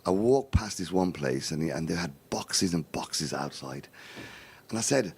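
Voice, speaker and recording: A middle-aged Birmingham man with a very low, gravelly, breathy voice tells his own life story on a live charity appeal, taking his time. He's an animated storyteller who acts out the voices of people he quotes and keeps slipping in verbal tics like "right, in here."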